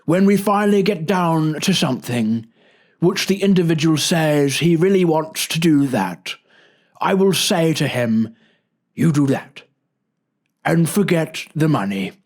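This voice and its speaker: A man putting on the voice of an elderly British nature-documentary narrator, reading a passage slowly and solemnly. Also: fairly high pitch, lively intonation, darkish tone. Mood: earnest. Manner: slow, solemn measured reading.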